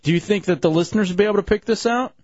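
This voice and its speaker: A man's voice: high voice, racing, darkish tone, no echo. A male radio host with a slightly raised voice, upbeat and joking as he rattles off call-in numbers. The studio sound is dry and a little muffled, like a broadcast recording. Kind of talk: casual radio chat.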